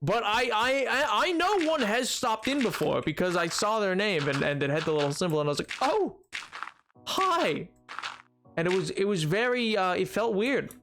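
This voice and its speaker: A man's voice: high voice, lively intonation, fairly quick, few pauses, music in the background. A young man streaming a game, chatting casually with chat in a rambling, self-deprecating way with playful bits. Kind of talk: casual chat while gaming, reading chat aloud.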